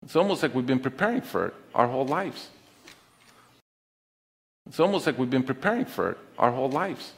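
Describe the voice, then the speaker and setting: Middle-aged man, mid-pitched voice, earnest heartfelt talk on stage, long auditorium reverb. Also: very animated. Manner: deliberate, earnest, heartfelt delivery with pauses. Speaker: conference speaker. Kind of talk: personal storytelling talk on stage.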